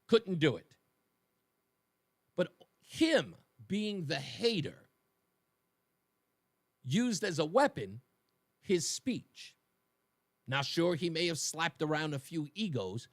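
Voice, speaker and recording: A man's voice: on the high side, takes it slowly, pauses often, dry recording, clean studio sound. A man hosting a talk radio show, delivering an emphatic monologue and speaking straight to his listeners. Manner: emphatic, animated, addresses listeners directly.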